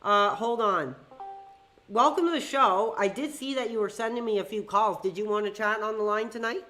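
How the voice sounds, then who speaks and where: Bright-voiced woman streamer ranting. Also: medium pitch, moderate pace, faint music behind. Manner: heated, ranting, swears. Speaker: streamer hosting call-ins. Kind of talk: live-stream chat with fans.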